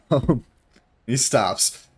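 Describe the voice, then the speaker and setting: A man's voice: mid-range voice, drawn-out words, husky. A young man narrating as game master in a casual tabletop session, rambling loosely with fillers.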